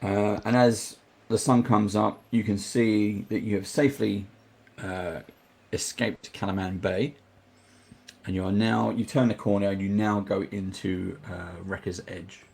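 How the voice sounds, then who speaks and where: A man acting as game master, narrating a tabletop game in a measured, explanatory way with hesitations. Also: lowish voice, steady tone, vocal fry, a little mellow, slightly rough.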